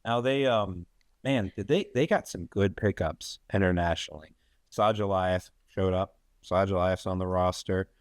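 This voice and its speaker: A man's voice: low voice, moderate pace, no echo, studio quality. A man hosting a podcast in casual sports chat, rambling and wry with sarcastic asides. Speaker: podcast host.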